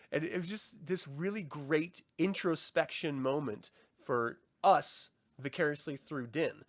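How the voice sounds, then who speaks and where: A young man co-hosting a casual review chat, excited, swearing often and acting out scenes in quoted voices. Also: a little high, slow pace. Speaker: podcast co-host.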